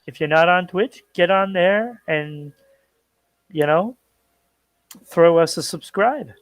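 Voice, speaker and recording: A man's voice: high voice, takes it slowly, no room sound. A man co-hosting a casual pop culture talk show, chatty and easygoing, plugging the show's channels and trailing off into restarts.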